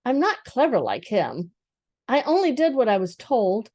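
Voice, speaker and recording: Figure: meek male donkey, voiced by an older woman. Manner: high, halting, apologetic. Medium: storybook reading. Sound: dry, close. Tone: mellow. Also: wildly swooping pitch, no echo. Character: gentle simple-minded male donkey, sorry and meek.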